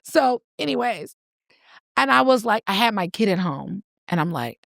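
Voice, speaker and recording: A woman in her thirties co-hosting a casual chat, telling a lively story and acting out the voices. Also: medium pitch, moderate pace, vocal fry, no room sound, clean studio sound. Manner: animated storyteller, acts out voices and cries. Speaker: podcast co-host.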